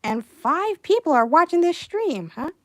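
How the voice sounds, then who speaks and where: While she animates on a livestream, a young woman talks casually, reads out chat messages, and bursts into excitement now and then. She has an extremely high-pitched voice, speaks a little slowly, and the audio has no echo.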